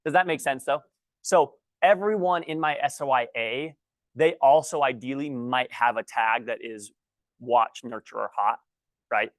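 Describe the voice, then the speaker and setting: A man's voice: medium pitch, fairly bright tone. A man leading a training workshop, a little out of breath. He keeps restarting his sentences and talks while writing on a board. The sound is dry, with no room echo. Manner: halting, restarts sentences often; writes on a board while talking. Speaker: guest trainer. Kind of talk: teaching a workshop.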